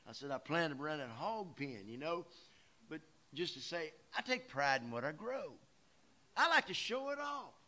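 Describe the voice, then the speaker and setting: A man preaching a sermon as pastor, folksy, shifting between loud emphatic lines and quiet asides. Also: fairly high pitch. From Louisiana. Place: church sanctuary.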